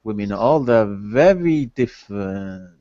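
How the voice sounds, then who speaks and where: A man's voice: on the low side, expressive, measured pace, a crowd in the background. A man chatting on an online call, hesitant and often trailing off. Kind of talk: casual chat. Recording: dry, slightly muffled call audio.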